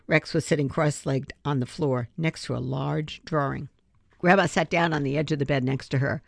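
A woman reading a children's chapter book aloud in a steady, expressive way. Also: rumbling low, moderate pace, vocal fry, no room sound. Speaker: storybook reader.

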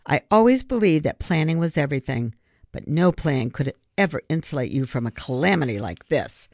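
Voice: mid-range voice, very animated, brisk, darkish tone, no room sound. A narrator voicing a glum, anxious boy who mumbles his worries. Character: anxious schoolboy planner.

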